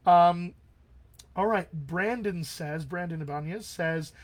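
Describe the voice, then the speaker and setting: A man with a voice pitched a little above the usual answers viewer questions as a dialect coach in a live online Q&A. He sounds upbeat and encouraging and keeps checking in with his listeners as he explains. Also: slow pace. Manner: upbeat and encouraging, often checks in with "all right?".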